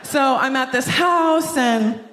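A woman performs a stand-up comedy set on a theater stage, her fairly high voice tumbling along in a chatty, rambling way. Her words carry into a big hall that answers with a long, lingering reverb. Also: takes it slowly, fairly bright tone. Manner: rambling, chatty, heavy use of "like" and "you know". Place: large live theater hall with audience.

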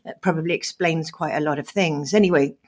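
A woman's voice: sits low, brisk. A middle-aged woman co-hosting a podcast, chatting openly over a video call, laughing often and speaking with feeling. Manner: animated, laughs often, emotional and open. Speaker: podcast co-host.

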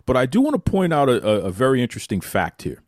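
A man hosting a chat show teases his guest in a mock-serious, news-anchor manner. His voice moves up and down in a lively way at a middle pitch, recorded dry and close. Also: quick pace, no echo. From Boston. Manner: playful, teasing, mock-serious. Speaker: podcast host.

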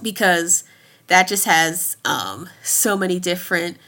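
Bright-voiced chatty woman in her thirties. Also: lowish voice, unhurried. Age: 30s. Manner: chatty, laughs often between thoughts. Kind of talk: casual chat.

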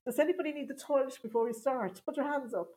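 A woman's voice: sits high, quick pace, dark tone, natural voice. A woman voicing a bossy, mean middle-aged nun who barks orders and picks on people. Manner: barking orders, picking on people.

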